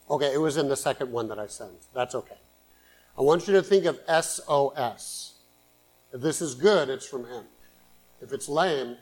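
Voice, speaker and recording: A man preaching a sermon in earnest, swinging between loud emphatic bursts and quiet asides. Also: mid-range voice, poor audio. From San Francisco Bay Area, USA. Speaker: pastor.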